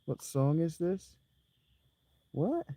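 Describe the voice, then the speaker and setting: A man's voice: a little high, very animated, drawn-out words, mellow, no room sound. A man streaming a game who jokes, rambles and talks himself through the play in casual chatter.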